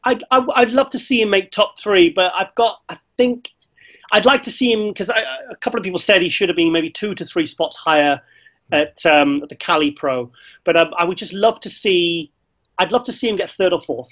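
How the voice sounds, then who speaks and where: Chatty man, high and lo-fi. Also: a little fast. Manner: excitable storytelling, lots of restarts. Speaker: co-host. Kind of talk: casual chat. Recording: slightly dull lo-fi sound.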